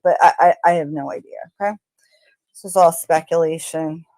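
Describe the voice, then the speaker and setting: A woman's voice: low-pitched, moderate pace, darkish tone, no echo. A woman narrating her analysis of crime-scene audio, speaking tentatively with fillers and speculation. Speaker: true crime commentator.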